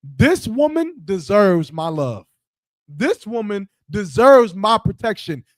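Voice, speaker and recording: High, dry-voiced man holding forth. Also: big pitch swings, slow pace, no room sound. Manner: preachy, acts out quoted voices. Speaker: podcast co-host. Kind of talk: casual chat.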